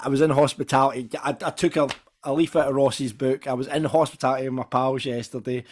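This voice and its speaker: Hoarse Scottish man hosting a podcast. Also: mid-range voice, fairly even intonation, quick pace, few pauses. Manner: chatty, jokey, rambling. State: hoarse, voice nearly gone. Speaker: podcast host. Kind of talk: casual podcast chat.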